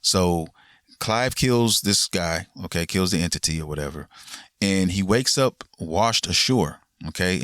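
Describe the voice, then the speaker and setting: A man's voice: deep voice, a bit bright, no room sound, clean studio sound. A man hosting a gaming podcast, casually recapping a game's ending in a laid-back, rambling way with lots of fillers and swearing.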